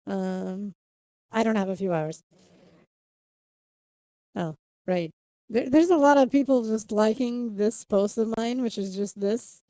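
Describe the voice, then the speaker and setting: A woman's voice: mid-range voice, takes it slowly, long pauses, mellow, no echo. A young woman chatting casually on a live stream, rambling and restarting her sentences, often laughing. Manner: rambling, self-interrupting, giggly. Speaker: livestreamer.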